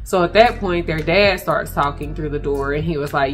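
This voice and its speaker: A woman recounting a frightening personal experience to her viewers, speaking in halting bursts and addressing them directly. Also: sits low, soft background music. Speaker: vlogger telling a personal story. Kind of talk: emotional personal storytelling.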